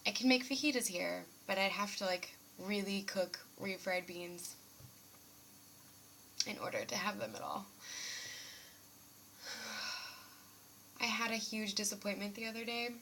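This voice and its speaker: A young woman talks to camera from her dorm room in a loose, rambling way, laughing often and joking at her own expense. Her voice is bright and forward, at a middle pitch, with a dry sarcastic streak running under it. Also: lively intonation, a little slow, pauses often, a little hiss or hum. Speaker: student vlogger. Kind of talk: casual rambling vlog.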